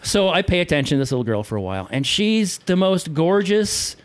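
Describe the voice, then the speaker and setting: Animated, laughing male storyteller. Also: sits high, a little fast. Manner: animated storyteller, laughs often, acts out voices in quotes. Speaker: guest, former theme park costume performer. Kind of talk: casual storytelling chat.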